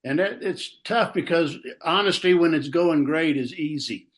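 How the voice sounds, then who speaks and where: A man's voice: on the high side, a little slow. An older man in his sixties, a pastor from Texas, telling stories in a casual, folksy way and acting out what others said. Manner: folksy, acts out quotes with raised voice. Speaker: pastor, podcast guest. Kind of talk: casual chat, storytelling.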